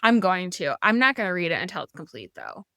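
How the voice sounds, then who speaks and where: Play her as an eager woman co-host raving about books, bright and forward in tone, with a dry close mic. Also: lowish voice, very animated, no room sound. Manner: enthusiastic, quick bursts, casual swearing. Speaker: podcast co-host. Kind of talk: casual chat about books.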